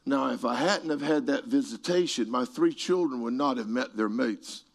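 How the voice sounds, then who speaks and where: A middle-aged man preaching a sermon and telling stories, moving between quiet passages and shouted peaks. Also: mid-range voice, normal speed, creaky. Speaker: pastor. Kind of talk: sermon storytelling.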